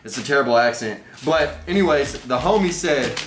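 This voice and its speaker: A man's voice: mid-range voice, animated, brisk, roomy sound, loud music behind the voice. A young man from Texas, rambling and joking in slang as he unboxes items for his vlog. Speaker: vlogger.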